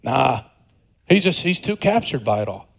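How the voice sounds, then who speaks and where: A man voicing an eager young boy who is swept up in awe, speaking low and soft. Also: big pitch swings, normal speed, vocal fry. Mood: awed.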